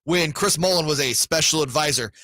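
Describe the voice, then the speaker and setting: A man co-hosting a sports radio show, tossing in quick wisecracks during casual banter. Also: a little high, bright, forceful tone, no room sound, studio quality. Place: radio studio.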